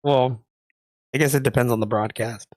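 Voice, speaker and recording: A man co-casting a live card game tournament, relaxed and slangy in casual chat. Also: medium pitch, moderate pace, no room sound, studio quality. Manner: laid-back and slangy. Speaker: co-caster.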